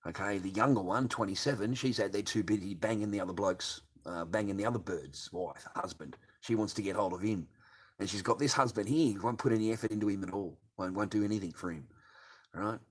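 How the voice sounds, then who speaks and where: A man's voice: lowish voice, a little fast, breathy edge. An older man hosting a late-night livestream, ranting crudely and swearing constantly. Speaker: livestream host.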